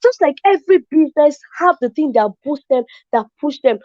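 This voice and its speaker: A woman tells her story as an affiliate marketer in an excitable, casual way, often saying "as in". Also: high voice, a little fast, no echo. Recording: dull lo-fi, dry sound.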